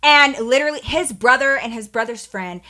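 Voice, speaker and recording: Bright, chatty young woman storyteller. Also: sits high, brisk. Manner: candid, profane, chatty, addresses viewers as y'all. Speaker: storytime vlogger. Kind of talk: casual storytelling.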